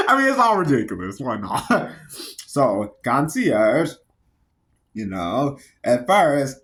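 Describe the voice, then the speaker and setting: A giggly man rambles through a film review in a high, bouncy voice that swoops up and down. He laughs between phrases and darts from one tangent to the next. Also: unhurried. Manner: excitable, jumps between tangents. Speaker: movie reviewer.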